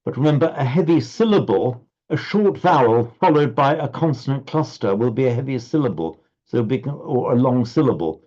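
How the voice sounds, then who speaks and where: A man teaching a recitation class over a video call, explaining patiently with frequent halting restarts. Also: mid-range voice, lively intonation, dark tone, highs cut off. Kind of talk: online class instruction.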